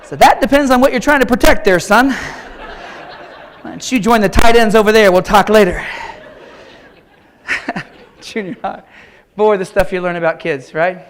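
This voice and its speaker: A faint crowd can be heard as a middle-aged man from Kansas gives a motivational keynote in a large auditorium. His voice sits high, and he speaks a little slowly with long pauses, telling folksy jokes and stories directly to the audience.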